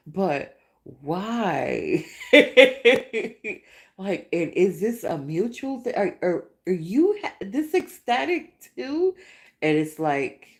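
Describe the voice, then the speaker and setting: A woman hosting a casual vlog-style podcast, telling a rambling, animated story with repeated questions. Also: mid-range voice, gravelly. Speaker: podcast host.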